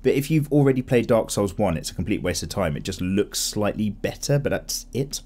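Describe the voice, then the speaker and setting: A young man hosting a relaxed drawing vlog, chatting casually and rambling with frequent self-corrections. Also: fairly low pitch, fairly quick. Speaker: art channel host. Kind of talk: casual chat while drawing.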